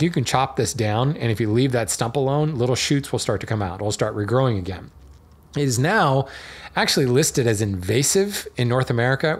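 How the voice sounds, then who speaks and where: A man hosting a podcast, explaining a topic in a chatty, digressive monologue with fillers and small laughs. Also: mid-range voice. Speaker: podcast host.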